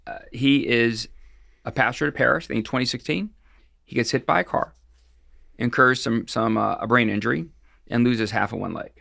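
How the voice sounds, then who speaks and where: A man's voice: mid-range voice, brisk, gravelly, pushed and bright, no room sound, studio quality. A middle-aged man, a guest expert on financial fraud, recounting cases in a casual interview, rambling along with frequent restarts and fillers.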